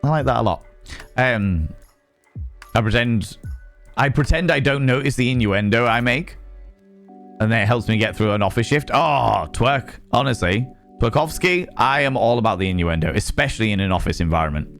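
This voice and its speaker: A West Country man streaming live, chatty and prone to swearing. His pitch jumps around animatedly, and his voice sits at a mid pitch for a man. He fires off quick asides as he reacts to chat. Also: lively intonation, fairly bright tone, faint music behind. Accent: West Country English.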